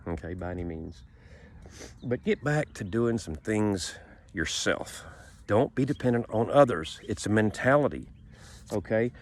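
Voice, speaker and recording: This homesteading vlogger holds his phone in hand in a sunny garden yard, his nose stuffy and sniffling as he rambles on in a folksy, repetitive way. His voice is lowish with a fairly bright tone.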